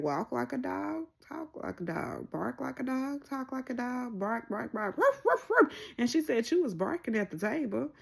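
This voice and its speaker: With a creaky, husky voice, a woman casually recaps a reality show. She's animated, acting out what people said with big pitch jumps on the quoted lines.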